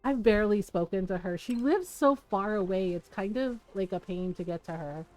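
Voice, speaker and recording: A woman game streamer chatting casually while she plays, animated, laughing often and swearing freely. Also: mid-range voice, moderate pace. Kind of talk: casual chat while playing a life-sim game.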